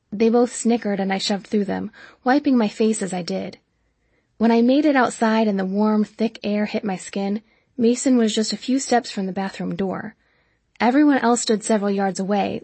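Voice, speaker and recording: A woman narrating a first-person novel as an audiobook in a steady, even storytelling manner. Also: medium pitch, slightly rough, no echo.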